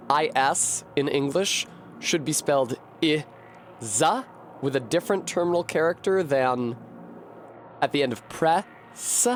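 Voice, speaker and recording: A man's voice: a little high, a little hiss or hum. A man streaming a video game, thinking aloud with profane, sardonic commentary. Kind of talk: live gameplay commentary.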